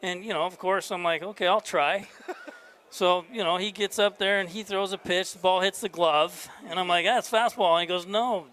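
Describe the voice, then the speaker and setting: A man's voice: high-pitched, normal speed, clear, resonant tone. A man, a head baseball coach, telling stories in a casual interview at a convention, acting out the dialogue. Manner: animated storyteller acting out dialogue. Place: convention floor.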